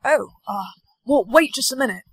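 A woman playing a shy young man who is a sweet, history-loving soulmate, soft-spoken and apologetic. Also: high-pitched, lively intonation, moderate pace, slightly rough, dry recording, full character voice. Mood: sheepish. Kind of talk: TikTok POV skit acting.

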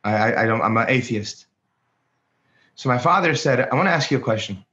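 Animated storytelling man on a call. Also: medium pitch, a little fast. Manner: animated, acts out quoted voices, many restarts. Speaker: rabbi, co-host. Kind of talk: storytelling in casual conversation. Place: home, speaking remotely. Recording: roomy, dull lo-fi call audio.

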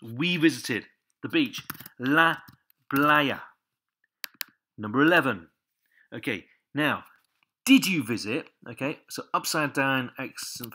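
This Spanish teacher has a medium-pitched voice that is a bit bright and slightly rough. He gives a patient, step-by-step language lesson, repeating each word and pointing out the accents again and again.

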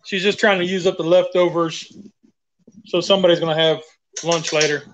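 A man's voice: high-pitched, fairly even intonation, fairly quick, a little hiss or hum, poor audio. A middle-aged man from the Carolinas with a Southern accent, chatting easily and encouraging his daughter while cooking on a livestream. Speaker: host, father cooking with daughters. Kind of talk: casual livestream chat.

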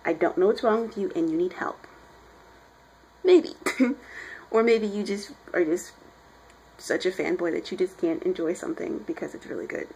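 A woman's voice: on the low side, normal speed, gravelly, pauses often, a little mellow, slightly rough, rough recording. A young woman reviewing a comic book in casual chat, rambling and chatty as she retells scenes.

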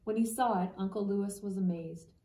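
A woman reading a children's book aloud at a steady storybook pace. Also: medium pitch, fairly quick. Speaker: reader. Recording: echoey room, distant mic.

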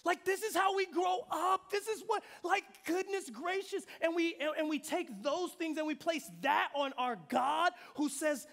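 A young adult man preaching a sermon to a young adult congregation in a church, informal and humorous, swinging from loud shouts to hushed whispers. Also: very high-pitched, animated, a little slow, creaky, few pauses. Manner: informal and humorous, slipping into playful voices. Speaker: pastor.

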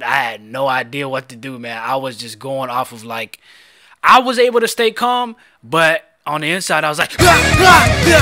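A young man hosting a casual storytime, talking in slangy, animated bursts that jump loud when excited. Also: mid-range voice, dry recording. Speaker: storytime channel host. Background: background music.

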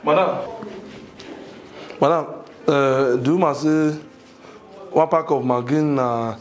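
A man's voice: mid-range voice, slow, lightly acted. A man with a Nigerian accent playing a cheeky, scheming young houseboy in a comedy skit, rambling in Pidgin-laced English. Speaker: comedy skit actor and channel creator.

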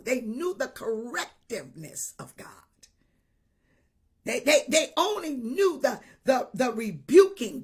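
A woman bishop preaching a sermon, animated, shouting at times and breaking into tongues. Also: high-pitched.

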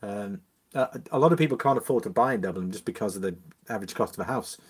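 A man's voice: lowish voice, fast, slightly rough. A man hosts a casual live stream from home and reads viewer comments aloud. He is chatty and easygoing, greets regulars by name and chuckles often between messages. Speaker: livestream host.

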